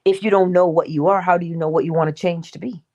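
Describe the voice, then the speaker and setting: A woman's voice: fairly low pitch, fairly even intonation, fast talker, darkish tone, highs cut off. A woman hosting a morning livestream teaching talk, emphatic and conversational, asking her listeners questions and acting out little dialogues. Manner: acts out little dialogues with herself. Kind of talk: live-stream teaching talk.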